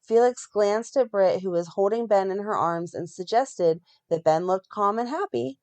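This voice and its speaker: A woman co-hosting a fan podcast, reading a plot recap in a steady run and breaking off now and then to comment. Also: mid-range voice, moderate pace. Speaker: podcast co-host recapping a soap.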